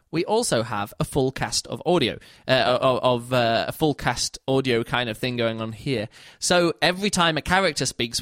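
A man's voice: mid-range voice, fairly bright tone, no echo, clean studio sound. A man giving a casual spoken book review, rambling and often correcting himself mid-sentence. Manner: rambling, self-correcting, many restarts.

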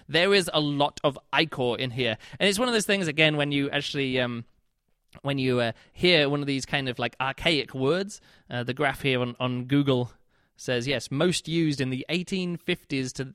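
A man's voice: medium pitch, fairly bright tone, no echo, clean studio sound. A man giving a casual spoken book review, chatty and rambling, with many fillers and restarts.

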